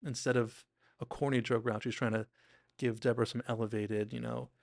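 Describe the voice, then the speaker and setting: A man's voice: medium pitch, level tone, fairly quick, vocal fry, no room sound, clean studio sound. A man hosting a podcast, casually and enthusiastically breaking down a TV episode with lots of "like"s. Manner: chatty, enthusiastic, acts out quotes, many "like"s. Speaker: TV recap podcast host.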